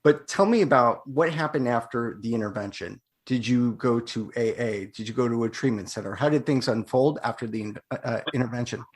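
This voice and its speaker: A man's voice: mid-range voice, fairly quick, few pauses. A man hosting a podcast, reflecting on his guest's story and asking open follow-up questions. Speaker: podcast host. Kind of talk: conversational interview.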